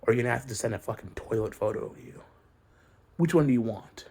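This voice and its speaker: A man's voice: mid-range voice, fast talker, darkish tone, breathy edge. Male video creator, profane preachy rant, mid-range voice. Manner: heated, preachy, swears constantly. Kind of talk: profane ranting monologue.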